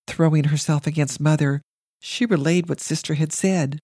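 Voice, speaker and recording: A woman reads her family story aloud with wry, measured storytelling. Her voice is low for a woman, recorded close and completely dry. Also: steady tone, dark tone, no echo. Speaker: narrator, reading her family memoir. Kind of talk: storytelling narration.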